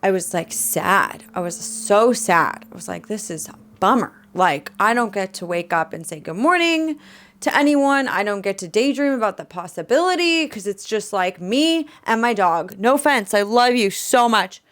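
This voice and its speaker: A young woman speaks at a middle pitch in a candid, rambling vlog, recorded close to the mic in her bedroom. She talks chattily and keeps circling back with fillers and self-corrections. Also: animated, normal speed, fairly bright tone. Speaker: vlogger and musician.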